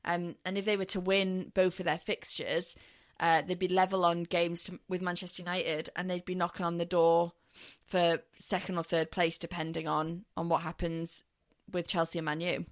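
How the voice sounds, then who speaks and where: A woman's voice: fairly low pitch, little pitch movement, moderate pace. A young woman from northeast England, co-hosting a women's football podcast in a chatty, playful way. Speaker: podcast co-host. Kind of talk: casual sports chat.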